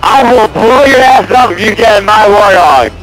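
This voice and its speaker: A young man playing a video game with friends, shouting loud, profane trash talk. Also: sits high, expressive, moderate pace, crowd noise, rough recording. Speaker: gamer. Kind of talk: casual gaming chat. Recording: game audio and music behind.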